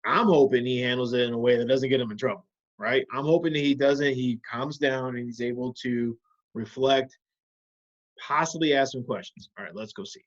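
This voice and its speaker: Patient teacher with a dull lo-fi sound. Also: male voice, mid-range voice, moderate pace. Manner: patient, guiding questions to students. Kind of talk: classroom video lesson.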